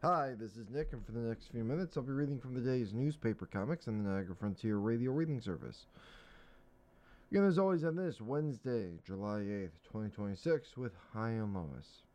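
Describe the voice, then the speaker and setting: A man with a medium-pitched, darkish voice and lively intonation reads the day's newspaper comics aloud at a brisk pace on a radio reading service. He's upbeat and chatty, describing each panel and explaining them between the quoted lines.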